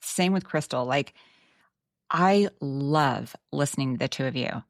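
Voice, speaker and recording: Woman, texan accent, very low voice, dry close sound, reflective podcast guest. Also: expressive, unhurried, no room sound. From Texas. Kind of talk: casual podcast conversation.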